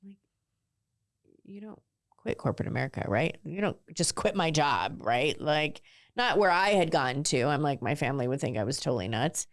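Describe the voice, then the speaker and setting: A woman's voice: sits low, lively intonation, normal speed, no room sound, clean studio sound. A woman in her forties from southern California, a guest telling her story candidly in a casual interview, with lots of "like" fillers. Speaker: guest, ice cream entrepreneur.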